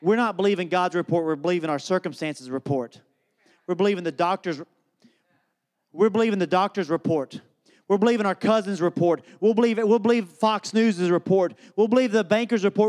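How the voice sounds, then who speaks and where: Leading into his sermon's message, a male pastor tells an amusing story about his family. His voice is high and moves at normal speed, and he delivers it with humor and animation.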